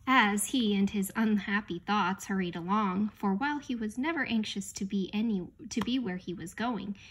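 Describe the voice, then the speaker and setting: A woman narrating a children's novel in an unhurried, expressive read-aloud manner. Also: on the high side. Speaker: audiobook reader. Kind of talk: storybook narration.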